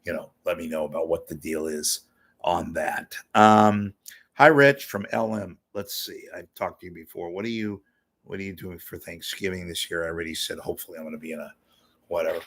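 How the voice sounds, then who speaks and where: An older man hosting a casual livestream, rambling and crude, his voice going hoarse. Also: low-pitched, fairly quick, fairly bright tone. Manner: crude, rambling, self-amused. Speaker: host.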